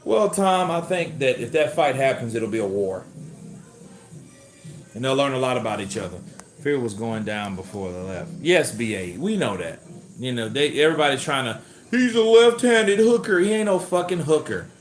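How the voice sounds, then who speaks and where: A man hosting a livestream of boxing commentary, talking in an animated, profane and excitable way. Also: mid-range voice, normal speed, faint music behind. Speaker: host. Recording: roomy echo.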